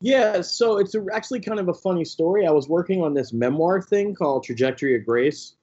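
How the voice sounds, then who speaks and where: A young man, a pastor and author, telling his story as a guest in a casual interview, animated, with many fillers and mimicked voices. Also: high voice, brisk, slightly rough, dull audio. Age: young adult.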